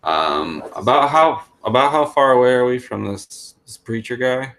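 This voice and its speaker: A man playing a tabletop game, talking in a hesitant, low-key way in casual chat. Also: expressive, normal speed, a bit bright.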